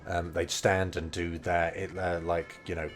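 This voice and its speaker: Guy talking slow n low, lots of um and like, faint music behind. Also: level tone. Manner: thinks aloud, hedging, many fillers. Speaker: language learning streamer. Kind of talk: casual explanation of game dialogue.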